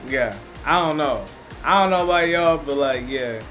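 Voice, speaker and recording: A man's voice: fairly high pitch, normal speed, fairly bright tone. A young man hosting a reaction video who cuts in with laid-back, slangy remarks and advice. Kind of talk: casual reaction commentary. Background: music.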